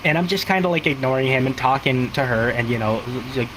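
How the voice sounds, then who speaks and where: A man's voice: medium pitch, fast talker, noisy background. A man chatting casually, telling a long rambling story full of fillers and quoted dialogue. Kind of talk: casual chat.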